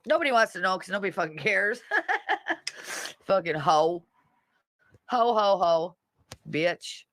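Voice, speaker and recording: A woman's voice: fairly low pitch, animated, normal speed, a bit bright, dry recording. A woman hosting a casual livestream, reading comments and mocking people in a brash, profane way. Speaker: livestream host.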